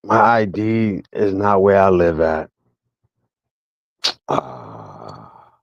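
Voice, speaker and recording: A man's voice: low voice, very animated, drawn-out words, vocal fry, no room sound. Taunting man on a dull, dry stream mic. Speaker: livestreamer. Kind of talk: casual livestream rant to chat.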